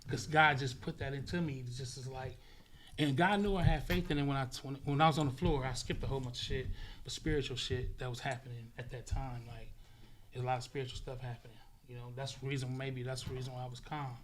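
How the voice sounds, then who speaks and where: A man, a podcast guest, telling a vivid, profane story in casual talk, acting out sounds and swinging between loud bursts and hushed murmurs. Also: mid-range voice, steady tone, fast, a little hiss or hum.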